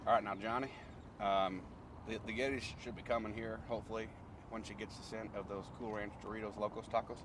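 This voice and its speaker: A man's voice: lowish voice, steady tone, brisk, far from the mic, noisy background, lightly acted. A man playing a bumbling wildlife expert in a comedy sketch, rambling and stammering in a folksy way, recorded outdoors. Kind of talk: improvised comedy sketch acting.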